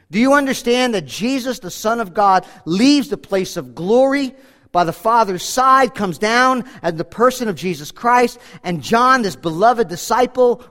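A male pastor preaching a sermon earnestly, swinging from loud appeals to hushed, quiet lines. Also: sits high. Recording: long hall reverb.

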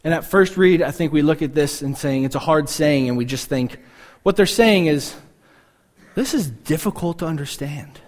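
A man's voice: fairly high pitch, normal speed, few pauses. A man preaching a casual, conversational sermon, often acting out the reactions of listeners in short quoted asides. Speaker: pastor.

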